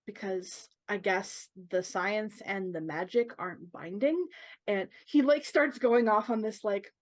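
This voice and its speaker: A woman playing a tabletop game character, talking haltingly and searching for words with many fillers. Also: mid-range voice. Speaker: player. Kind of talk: in-character tabletop role-play.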